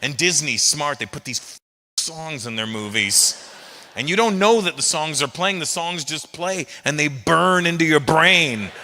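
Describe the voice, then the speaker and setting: A middle-aged man doing a stand-up comedy set, animated and breaking into loud shouted impressions. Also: on the high side, unhurried. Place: live comedy venue with an audience. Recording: long reverb of a large hall.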